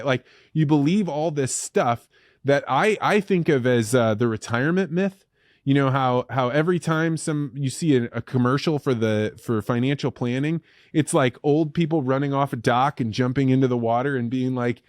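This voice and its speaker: A man's voice: medium pitch, moderate pace, no echo. Reflective man with a dry, close sound. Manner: reflective and earnest. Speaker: podcast host. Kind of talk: casual conversational interview.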